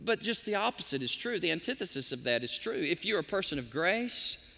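A pastor preaches with a high, bright and very lively voice. His words ring out with long reverb through a large hall. He swings between excited bursts and soft, drawn-out lines. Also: gravelly. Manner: animated preaching, sometimes softly sings hymn lines. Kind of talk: sermon.

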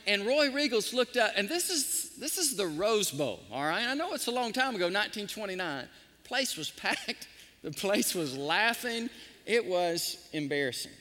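A man pastor preaching a sermon, telling stories in an animated, emotional way. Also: sits high, big-room sound. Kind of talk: sermon with storytelling. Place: church sanctuary.

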